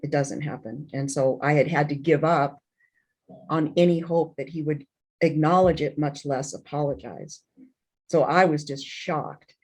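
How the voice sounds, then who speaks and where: A middle-aged woman, an interview guest, telling a painful personal story in an emotional, halting way, with many restarts and fillers. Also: low voice, steady tone, darkish tone, slightly rough.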